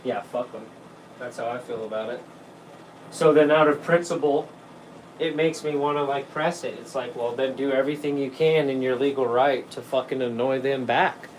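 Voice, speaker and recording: A man's voice: mid-range voice, steady tone, normal speed, a little hiss or hum, poor audio. A man hosting a casual livestream, rambling through hunting stories, swearing freely and laughing often while he reads chat. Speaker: livestream host.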